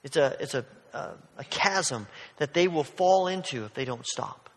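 Man, pastor, sermon, high-pitched voice, earnest and emphatic, repeats words, long hall echo. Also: lively intonation, normal speed, breathy edge.

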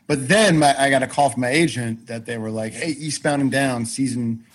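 Man, husky voice, casual podcast chat, animated storytelling, swears a lot. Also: medium pitch, normal speed, rough recording. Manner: animated, swears freely, many restarts. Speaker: podcast guest.

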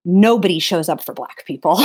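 A woman's voice: lowish voice, expressive, normal speed, slightly rough. A woman speaking as an interview guest, talking earnestly and with passion, often restarting her sentences. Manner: impassioned, emphatic, frequent restarts. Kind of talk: earnest conversational interview talk.

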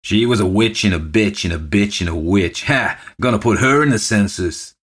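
Jeering drunken loafer, growly and loud, voiced by a male reader. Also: low voice, moderate pace.

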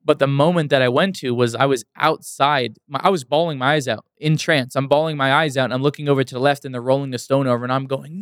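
A young man speaks in an earnest, emphatic voice as an interview guest, often repeating phrases to drive them home. His tone is clear and resonant, and the close mic adds almost no room sound. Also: medium pitch, fairly even intonation, fast, few pauses, dry recording. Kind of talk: casual interview storytelling.

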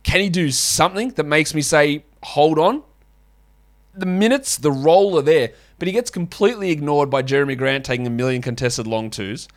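A man's voice: fairly high pitch, expressive, a little fast, few pauses. Male host, solo podcast, casual and blunt with frank opinions and loose swearing. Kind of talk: solo basketball fantasy podcast.

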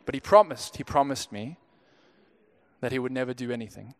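A man's voice: mid-range voice, fairly quick. A young man from Zimbabwe, a pastor telling a personal story in a conversational sermon, often restarting his words. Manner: conversational, frequent stammered restarts.

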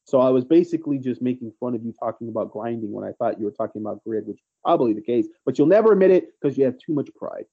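A man's voice: mid-range voice, expressive, fast talker, few pauses, slightly rough, lo-fi sound. A man co-hosting a casual sports podcast, telling recruiting stories in a rambling, teasing way. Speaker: podcast co-host, recruiting analyst.

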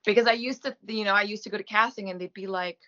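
A woman's voice: medium pitch, fast talker, bright, forceful tone, lo-fi sound. A woman in her thirties whose first language is French, with a light French Canadian accent. She is an actress guest, chatting casually and self-deprecatingly with lots of fillers. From Gaspé, eastern Quebec, Canada. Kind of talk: casual interview chat.

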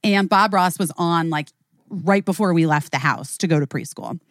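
A woman podcast host from Chicago with a lowish voice, spinning stories in loose, chatty bursts peppered with "like." She swears casually and keeps the tone conversational. The recording is dry and close. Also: normal speed, no echo. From Chicago, USA. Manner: animated storyteller, heavy "like" fillers, casual swearing.

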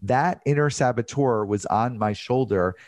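A man's voice: mid-range voice, measured pace, dry recording. A man being interviewed about his book, talking earnestly and emotionally with many restarts. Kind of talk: candid interview conversation.

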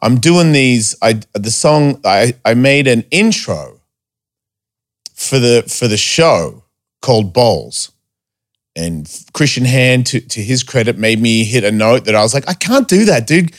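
A man's voice: medium pitch, a little slow. A man telling stories in a casual podcast chat, swearing a lot and acting out quotes in a raised voice. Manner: animated storyteller, heavy swearing, acts out quotes in a raised voice.

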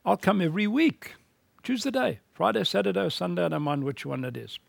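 A man's voice: high voice, sing-song, fairly quick, creaky, no room sound, voice pushed up, exaggerated voice. A man voicing the biblical Cain as a defiant, self-assured man who bargains with God in an offhand, pleading way. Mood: bargaining.

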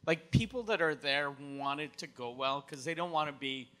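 A man's voice: a little high, moderate pace, fairly bright tone. A man, a comedian co-hosting, chatting casually and joking, laughing easily. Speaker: comedian, podcast co-host. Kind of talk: casual chat.

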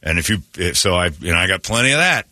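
A man's voice: sits low, big pitch swings, fast, bright, forceful tone, no room sound, clean studio sound. A man hosting a morning radio show, telling rambling, joking stories in casual banter.

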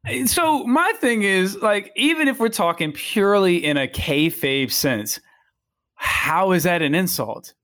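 A man's voice: high-pitched, measured pace. A man co-hosting a podcast, arguing wrestling points in an incredulous way, often restarting his sentences. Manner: animated, incredulous, stammering restarts. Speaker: podcast co-host. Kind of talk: casual wrestling chat.

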